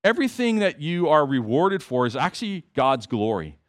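Animated male preacher. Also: a little high, moderate pace. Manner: conversational preaching, emphatic repetitions, asides to congregation. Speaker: pastor. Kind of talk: sermon.

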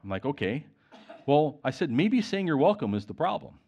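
A man preaching a sermon, retelling conversations and reading scripture aloud in an animated way. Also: a little high, normal speed, husky, lo-fi sound.

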